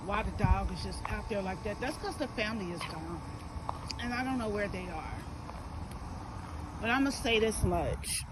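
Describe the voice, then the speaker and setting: A woman's voice: medium pitch, heavy background noise. A woman talking earnestly and emotionally in a casual vlog, with fillers and restarts, filmed outdoors on a phone. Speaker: vlogger. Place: outdoors near a residential field.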